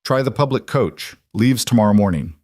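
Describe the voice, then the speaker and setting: A man reading a story aloud, voicing a hard-eyed woman innkeeper who talks in a flat, curt, grudging way, close on a dry mic. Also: fairly low pitch, moderate pace, dry recording.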